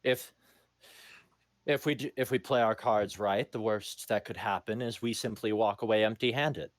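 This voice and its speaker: A man's voice: lowish voice, normal speed. An American man playing a tabletop game, chatting casually and joking. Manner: chatty, jokey, laughs often. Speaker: player.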